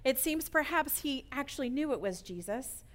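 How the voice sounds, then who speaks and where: Woman preaching, earnest, keeps going "right?", kinda higher voice. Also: lively intonation, normal speed, a bit bright. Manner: earnest, asks "right?" to involve listeners. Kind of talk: sermon.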